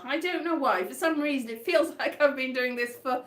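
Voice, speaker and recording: A woman's voice: sits high, moderate pace. A woman performing solo on a live stream, chatting in a rambling, whimsical, playful way and wandering off on tangents. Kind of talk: rambling improvised comic chat between songs. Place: indoor room. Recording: echoey room with faint guitar.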